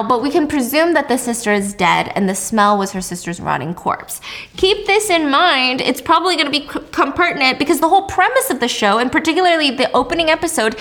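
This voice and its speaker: A woman hosting a casual chat, retelling a drama with animated, playful storytelling. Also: high voice, fairly quick. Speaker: host.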